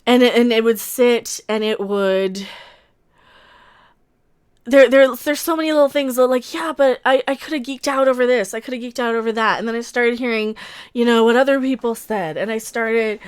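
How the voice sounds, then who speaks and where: A woman's voice: fairly high pitch, moderate pace, clean tone. A woman hosting a livestream reaction, rambling in a casual emotional rant, with many restarts and laughs between points.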